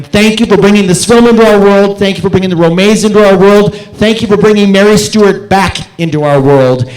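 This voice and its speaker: Male festival host, effusive, high voice, echoey theater. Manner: effusive, repeating words for emphasis. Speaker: festival director hosting a film Q&A. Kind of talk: warm-hearted thank-you speech. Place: theater auditorium.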